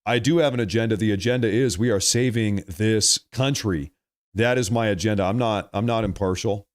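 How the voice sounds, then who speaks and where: A man's voice: fairly low pitch, fairly quick, dry recording, clean studio sound. A man hosting live political commentary on a stream, emphatic and repeating lines for effect, calling his viewers folks. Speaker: livestream political commentary host.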